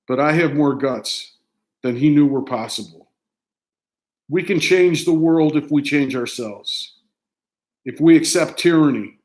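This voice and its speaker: An American man in his sixties, a writer reading his own personal essay aloud in short, measured, declamatory phrases. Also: medium pitch. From United States.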